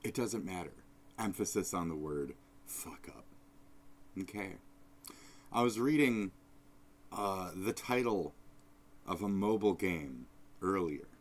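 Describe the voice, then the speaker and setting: A man hosting a live stream, rambling in a profane, off-the-cuff way, jumping between loud outbursts and low mutters. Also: expressive, takes it slowly, pauses often. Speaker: streamer host. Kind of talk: casual live-stream rant.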